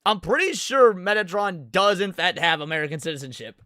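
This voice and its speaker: High bright excitable man. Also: a little fast. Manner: excitable, rambling. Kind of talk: casual chat.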